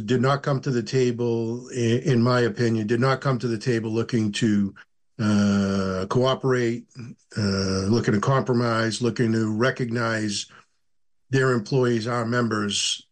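Man, middle-aged, union director, halting, lots of uhs. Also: medium pitch. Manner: halting, many fillers. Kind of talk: interview answers.

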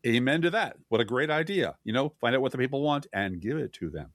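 A man's voice: mid-range voice, expressive, fast talker, dry recording, clean studio sound. A man co-hosting a podcast, reading news aloud in a sarcastic, mocking casual chat. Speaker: podcast co-host.

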